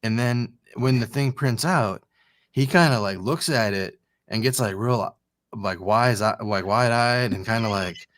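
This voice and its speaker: A man's voice: fairly low pitch, a little slow, fairly bright tone, dry recording, clean studio sound. A married man co-hosting a casual podcast chat, telling stories animatedly and swearing casually. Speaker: podcast co-host.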